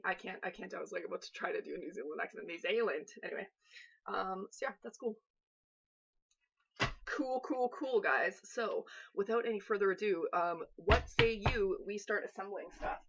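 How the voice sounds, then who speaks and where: A woman's voice: medium pitch, moderate pace, creaky, fairly bright tone, husky, highs cut off. A woman hosting a live baking stream from her home kitchen, chatting and joking in a rambling way with her viewers. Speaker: host of a live cooking stream.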